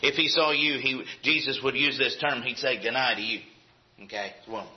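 A man's voice: mid-range voice, steady tone, normal speed. A man preaching a sermon in a folksy, conversational way with acted asides. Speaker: pastor. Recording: dull lo-fi recording.

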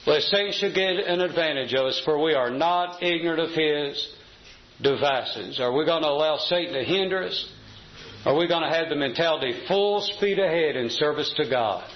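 Male preacher, high voice, deliberate sermon delivery, echoey lo-fi church sound. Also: expressive. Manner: measured preaching, slows to stress scripture. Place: church assembly hall. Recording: echoey, slightly dull church recording.

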